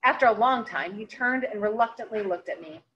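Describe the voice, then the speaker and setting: A woman's voice: medium pitch, a little fast, highs cut off, a little hiss or hum. Woman teacher reading a novel aloud. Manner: expressive read-aloud.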